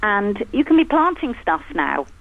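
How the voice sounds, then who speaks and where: A woman's voice: medium pitch, very animated, normal speed. A woman, a landscape gardener, chatting on a radio show and laughing easily. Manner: chatty, laughs easily, reads aloud with relish. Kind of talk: casual radio chat. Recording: tinny phone line.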